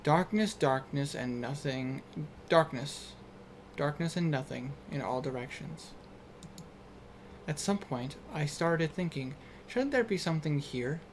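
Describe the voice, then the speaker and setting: A man voicing a calm, curious young man as the narrator of a visual novel, reading in a measured way. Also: fairly high pitch, slight background noise.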